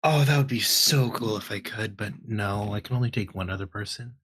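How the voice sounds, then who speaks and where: A man's voice: fairly low pitch, a little fast, fairly bright tone, slight background noise. A man playing a tabletop game in character, thinking aloud with hesitant restarts.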